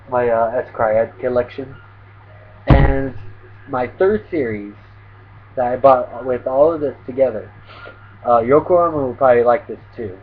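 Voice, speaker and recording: A man's voice: medium pitch, a little slow, pauses often, a little hiss or hum. Rambling man on a tinny lo-fi recording. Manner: rambling, with frequent fillers. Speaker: anime vlogger. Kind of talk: casual tag video chat.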